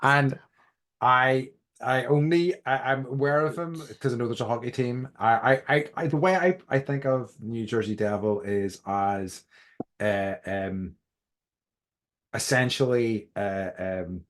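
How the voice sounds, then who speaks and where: A man's voice: medium pitch, a little slow, fairly bright tone. An Irish man co-hosting a podcast, rambling with many restarts and fillers in casual chat. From Ireland. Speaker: podcast co-host.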